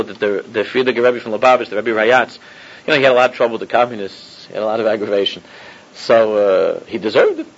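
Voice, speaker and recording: Husky man giving a rambling Torah class. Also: medium pitch. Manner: mixes Hebrew and Yiddish terms, repeats himself, chuckles often. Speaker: rabbi teaching a class. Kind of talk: informal Torah lecture. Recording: dull lo-fi recording.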